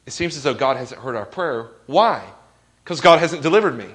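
A man's voice: mid-range voice, animated, normal speed, a bit bright. Earnest male pastor preaching. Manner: earnest, asks the congregation questions; quotes scripture with rising emphasis. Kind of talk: sermon.

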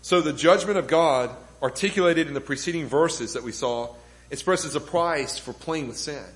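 Rhetorical questions build the emphasis as a pastor preaches his sermon to a congregation gathered in a church room. He speaks at a moderate pace in a higher-leaning voice, though the recording quality is low.

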